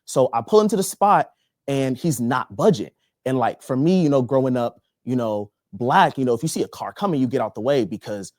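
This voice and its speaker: A young man from Texas doing stand-up comedy, telling a story in an animated, profane way. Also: medium pitch, dry recording, studio quality. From Texas, USA. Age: young adult.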